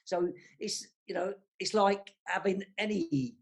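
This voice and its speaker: London-accented panel guest, high voice, talks in a loose, frank ramble. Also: male voice, level tone, a little slow, creaky. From south London. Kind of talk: casual panel discussion.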